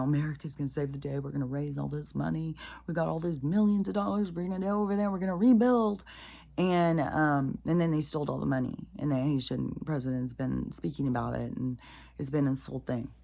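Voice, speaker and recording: A woman ranting casually to camera, exasperated and profane, swinging from muttered asides to loud outbursts. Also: very deep voice, creaky. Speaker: commentator.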